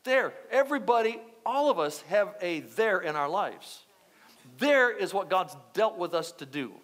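High-pitched man preaching. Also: a little slow. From United States. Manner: animated, repetitive preaching with asides to the congregation. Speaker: pastor. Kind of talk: sermon. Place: church.

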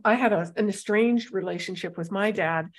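A woman's voice: mid-range voice, moderate pace. A woman hosting an interview, speaking reflectively about her own experience. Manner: reflective, then animated and laughing. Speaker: podcast host, interviewer. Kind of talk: casual interview conversation.

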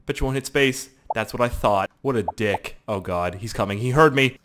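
A young man giving excitable, profane live gameplay commentary with yelling outbursts. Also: mid-range voice, normal speed, background noise. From Canada. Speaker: gaming YouTuber.

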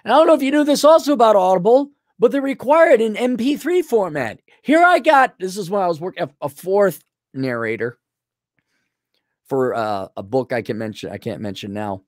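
A man's voice: sits high, brisk, dry recording, studio quality. A middle-aged man ranting bluntly and sarcastically in a vlog monologue. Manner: blunt, sarcastic, animated, mocks others in put-on voices. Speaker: vlogger.

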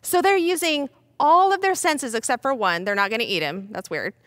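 A young woman teaching a children's Bible lesson, playful and animated, talking straight to the kids. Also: high-pitched, moderate pace, dry recording, clean studio sound.

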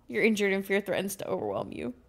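Podcast lady reading a creepy choose-your-own story out loud, all dramatic, keeps cracking up. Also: medium pitch, very animated, fast talker, creaky. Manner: dramatic read-aloud, breaks into laughter. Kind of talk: reading an interactive story aloud with banter.

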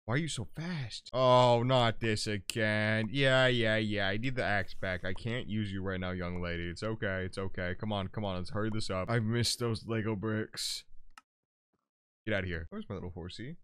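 A young man giving crude, joking running commentary while playing a game, with sudden loud outbursts. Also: fairly low pitch, moderate pace, smooth. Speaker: gaming YouTuber. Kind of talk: casual gameplay commentary.

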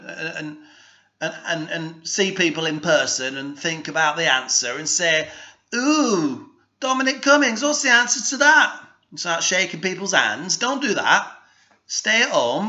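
A man with a put-on Northern English accent hosts a halting, rambling comic monologue, his somewhat high voice very bright and sharp. He stumbles through fillers and restarts with a deadpan, mock-serious air. The sound is a slightly dull, lo-fi home recording. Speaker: comic DJ host.

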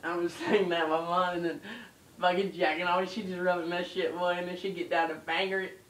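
A man's voice: sits high, level tone, a little fast, fairly bright tone. A groggy young man, loopy after dental anesthesia, rambling and giggling through a slurred story. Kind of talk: casual home video rambling. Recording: echoey room, far from the mic.

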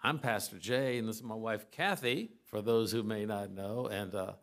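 A pastor introducing the next speakers at a church service, talking haltingly with many filler sounds. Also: male voice, on the low side, a bit bright. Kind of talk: service announcements.

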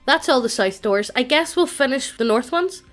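A woman's voice: high-pitched, animated, moderate pace, a bit bright, faint music behind. Exasperated rogue, read by a synthetic woman's voice. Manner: mechanical synthetic reading.

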